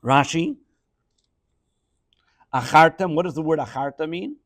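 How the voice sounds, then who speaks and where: A man leads a Torah lesson. He reads each phrase and translates it as he goes, in a slightly higher voice. The sound is dry and close, with no room around it. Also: measured pace, no room sound. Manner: reads Hebrew phrases then translates, explains with Rashi. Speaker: Torah teacher. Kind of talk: verse-by-verse Torah class.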